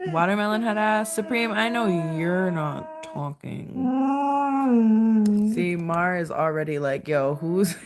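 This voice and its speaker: A young woman hosting a casual livestream from home at night, chatting with viewers and scolding her dog. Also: on the low side. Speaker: livestream host.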